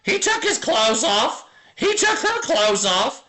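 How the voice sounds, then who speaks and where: A man putting on the voice of a talking parrot that chatters in shrill, repeated bursts. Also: very animated, slow pace, bright, forceful tone, exaggerated voice. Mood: squawking. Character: squawking gossipy talking parrot.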